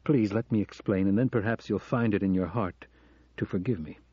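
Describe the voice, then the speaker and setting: Earnest confessing professor, read by a man: low, mellow, dry and a bit dull. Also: a little fast, breathy edge, no room sound. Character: middle-aged American professor confessing, earnest. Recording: dull lo-fi audio.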